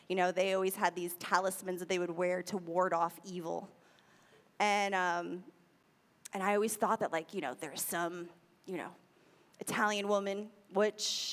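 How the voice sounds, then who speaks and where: A woman's voice: on the low side, fairly even intonation, moderate pace, a bit bright, big-room sound. An American woman speaking at a spiritual center, giving a conversational sermon and repeating key phrases for emphasis. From United States. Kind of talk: sermon talk.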